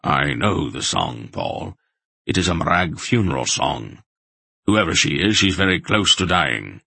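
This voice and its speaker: A man playing a wise old man who speaks in a grave, measured way. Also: extremely low pitch, very animated, gravelly, pushed and bright, no echo, exaggerated voice. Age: older.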